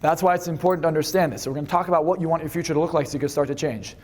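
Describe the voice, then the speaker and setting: A man leading a live seminar, energetic and fast, swearing freely as he instructs the room. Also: on the high side. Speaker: seminar speaker.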